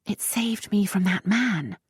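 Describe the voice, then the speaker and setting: A narrator voicing a flighty young noblewoman posing as a silly French girl, often high and breathy, sometimes whispering. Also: animated, slow, a little mellow, no room sound, clean studio sound. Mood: pleading, nervous.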